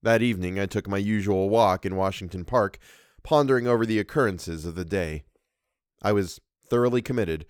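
Man narrating a horror tale for a podcast, measured and expressive, low voice, dry recording. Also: dry recording. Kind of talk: reading a horror story aloud.

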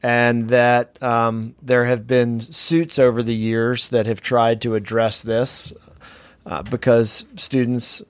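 A man's voice: medium pitch, level tone, slow, clear, resonant tone, dry recording. Casual man co-hosting an education podcast. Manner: conversational, summarizing an article with frequent fillers. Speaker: podcast co-host. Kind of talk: casual discussion of education news.

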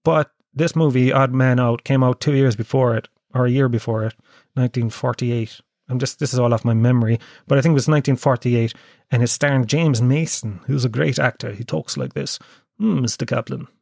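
A man's voice: medium pitch, steady tone, a little fast, darkish tone, dry recording, clean studio sound. A sick, worn-out Irish man hosting his own podcast, rambling in a self-deprecating, sweary way. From Ireland. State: ill and worn out. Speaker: podcast host. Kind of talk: casual solo podcast monologue.

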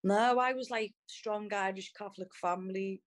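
A young woman with a Liverpool accent speaks as an interview guest. Her pitch sits in an ordinary middle range, and her talk is frank and casual. She swears without a second thought and keeps dropping "like" between her phrases. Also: fairly even intonation, moderate pace. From Liverpool, England. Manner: blunt and sweary, peppered with "like". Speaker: MMA fighter, interview guest. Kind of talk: candid casual storytelling.

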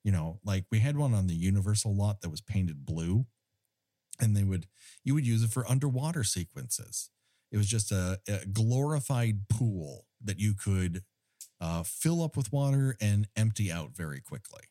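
A man with a fairly low voice chats casually about a film, his pitch swinging widely as he tells it with wry, profane asides. The sound is dry and close, with no room around it. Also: no room sound. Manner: wry, profane, animated storytelling with quick asides. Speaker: podcast host recapping a film; former studio tour guide. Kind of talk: casual chat.

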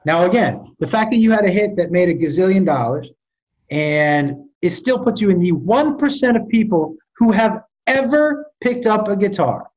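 A podcast guest tells stories animatedly in casual conversation, often restarting and stammering. His voice sits high and is a little mellow, expressive, and moderately paced, with lo-fi sound quality.

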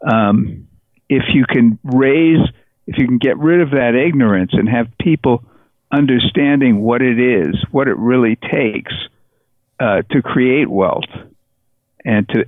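A man talks through his ideas as a podcast guest, pausing and restarting as he searches for the words. His voice comes over a tinny, phone-like connection. The sound is dry and close, with no room echo. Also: mid-range voice. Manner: thoughtful, halting, many restarts. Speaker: author, interview guest. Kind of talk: podcast interview.

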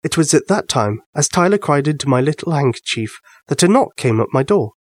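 A man narrating a children's bedtime story with an expressive reading. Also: fairly high pitch, fairly quick, dry recording.

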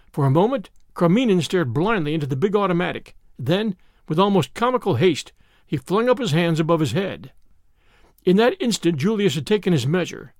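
A man hosting and reading an audiobook in a measured, expressive storytelling manner. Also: on the high side, dry recording, studio quality. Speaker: audiobook host and reader. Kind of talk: audiobook narration.

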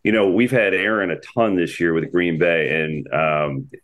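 A man with a very low, deep voice talks about athletes he works with. His speech is loose and rambling, full of restarts, fillers and slang, in an easygoing podcast chat. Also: fairly even intonation, measured pace, fairly bright tone. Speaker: sports broadcaster guest.

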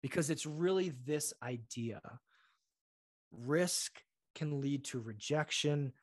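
Animated man telling stories on a podcast. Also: a little high, takes it slowly, no room sound, clean studio sound. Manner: animated storyteller acting out quoted voices. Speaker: podcast guest. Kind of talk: conversational interview.

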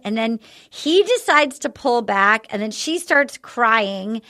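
Woman, podcast host, high bright voice, very lively pitch, animated recap chatter. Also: takes it slowly. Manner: animated, acts out quotes in voices. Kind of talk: casual chat recapping a show.

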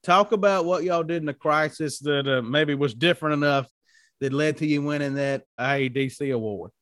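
A man's voice: fairly high pitch, normal speed, a bit bright, no echo, clean studio sound. A man with a Southern accent hosting an interview in a folksy, friendly way. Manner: folksy, uses "y'all". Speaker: podcast host.

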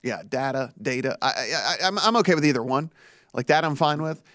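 A man's voice: fairly high pitch, lively intonation, quick pace, a bit bright, dry recording, clean studio sound. A man co-hosting a sports betting show, talking casually and playfully with frequent restarts.

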